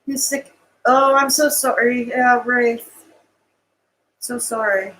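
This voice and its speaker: A woman with a somewhat high voice talks to her live chat in a rambling, distraught monologue. She is tearful and bitter, and breaks into short, humorless laughs as she talks. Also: steady tone, slow, a bit bright, a little hiss or hum, rough recording. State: tearful, crying at times. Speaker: vlogger talking to live chat. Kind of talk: emotional live-stream monologue.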